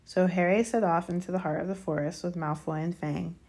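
Low-voiced woman reading a story aloud. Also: fairly even intonation, fairly quick, a little mellow, breathy edge. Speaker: audiobook reader. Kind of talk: storybook narration.

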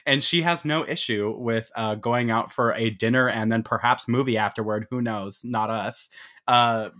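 A man in his twenties casually recapping a movie on a podcast, swearing freely and acting out the characters' lines in quick put-on voices. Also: medium pitch, fairly bright tone. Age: 20s. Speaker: podcast co-host.

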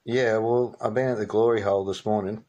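A man making a prank phone call, deadpan and hesitant, with many ums. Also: lowish voice, brisk. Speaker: prank caller.

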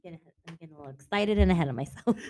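Low-voiced woman gushing over a book. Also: a little hiss or hum. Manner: animated, swears freely, acts out characters' lines. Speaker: podcast co-host. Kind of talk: casual book discussion.

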